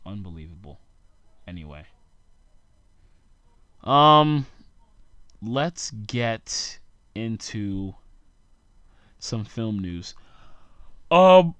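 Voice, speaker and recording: A man's voice: fairly low pitch, sing-song, drawn-out words, long pauses, a bit bright, smooth, no echo. A tired young man, hosting a solo podcast and ranting sarcastically in a rambling way. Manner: sarcastic, rambling rant with frequent asides. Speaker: podcast host.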